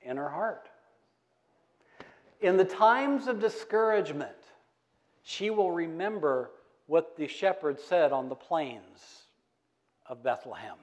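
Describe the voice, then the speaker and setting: A man's voice: fairly high pitch, animated, takes it slowly, pauses often. A middle-aged man preaching a sermon in a church, asking the congregation questions and waiting for their answers. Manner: call-and-response preaching, asks the congregation questions. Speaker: pastor. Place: church sanctuary.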